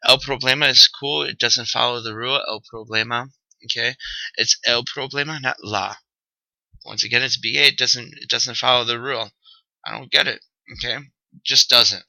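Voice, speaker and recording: A man's voice: medium pitch, steady tone, normal speed, creaky, bright, forceful tone, no room sound, rough recording. A man teaching a recorded vocabulary lesson, upbeat and joking, checking in with "okay?" often. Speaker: Spanish teacher.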